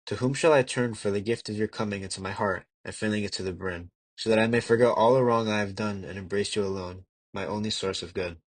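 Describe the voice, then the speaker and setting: A young man reading a classic religious text aloud as an amateur audiobook narrator, measured and earnest, with occasional slips and restarts. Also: on the low side, no echo. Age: young adult. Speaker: audiobook reader.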